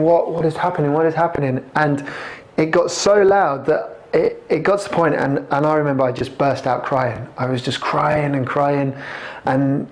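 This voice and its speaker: A man giving a personal testimony to a camera. He speaks in a halting, reflective way, with many restarts. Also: a little high, darkish tone. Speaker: convert sharing his testimony.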